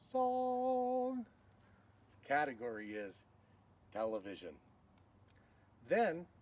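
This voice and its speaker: Lively slow-talking man teaching children. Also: mid-range voice. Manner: slow, animated, leads shouted call-and-response. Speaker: children's Bible school leader. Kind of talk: teaching a game to children on video. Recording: distant mic with faint noise.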